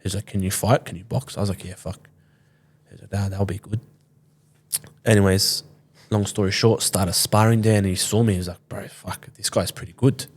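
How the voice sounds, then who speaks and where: A man's voice: fairly low pitch, fairly even intonation, moderate pace. A man in his twenties, a podcast guest telling a story casually, swearing often and acting out what others said. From Sydney, Australia. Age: 20s. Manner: loose, swears often, acts out quoted dialogue.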